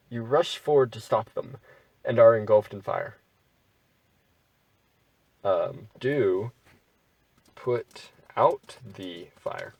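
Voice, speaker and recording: A man's voice: mid-range voice, darkish tone, breathy edge, no echo, distant mic, low-quality recording. A man reading an AI text adventure aloud and adding wry, bemused asides as he plays. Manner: wry, bemused asides between read-out passages. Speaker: gamer playing an AI text adventure.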